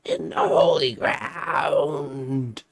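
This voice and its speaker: A man voicing the wailing, rasping ghost of an abandoned little girl who hisses threats and demands. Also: fairly high pitch, wildly swooping pitch, drawn-out words, dry recording, pitched above the performer's own voice, exaggerated voice.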